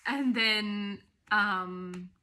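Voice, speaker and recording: A young Australian woman tells a personal story to camera in a loose, chatty vlog style. Her voice is bright and forward, and she rambles from one aside to the next. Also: mid-range voice, extremely slow. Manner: chatty and rambling, often breaks off to talk to her baby and dogs. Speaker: vlogger.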